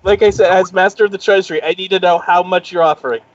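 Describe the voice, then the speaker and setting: High-voiced man, insistent tabletop player. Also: steady tone, quick pace. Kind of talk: playing a tabletop game. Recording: dull lo-fi mic with faint hiss.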